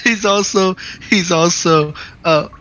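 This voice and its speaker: A man's voice: sits high, takes it slowly, bright, forceful tone, rough recording. A young man chatting casually with fellow tabletop players, rambling with fillers and laughing often. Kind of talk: casual chat among players.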